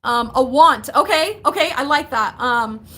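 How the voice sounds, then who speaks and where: A woman's voice: sits high, expressive, measured pace, bright, forceful tone. A young woman in casual livestream chat from her basement, chatty and giggly, reading out viewers' comments. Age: young adult. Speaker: vlogger.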